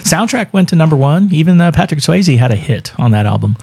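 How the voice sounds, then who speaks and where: Guy cohosting radio, husky voice, jokey and chatty, laughs a lot. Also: on the high side, sing-song, a little fast, a little mellow. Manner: chatty, laughs often, light joking delivery. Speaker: radio co-host. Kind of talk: casual radio banter.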